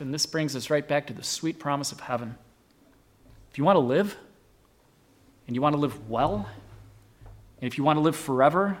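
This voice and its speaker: Male preacher, a touch high-pitched, emphatic sermon delivery. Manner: emphatic, swings between loud bursts and hushed asides.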